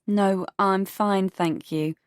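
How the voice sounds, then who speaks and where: A woman's voice: medium pitch, steady tone, takes it slowly, no room sound, natural voice. A woman voicing an anxious heroine who speaks politely but guardedly, close to her own reading voice. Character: anxious young woman, the first-person heroine.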